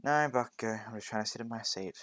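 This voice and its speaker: A man doing a calm, polite teenage boy. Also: fairly low pitch, quick pace, no room sound, close to an everyday voice. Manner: calm, mild, explains patiently.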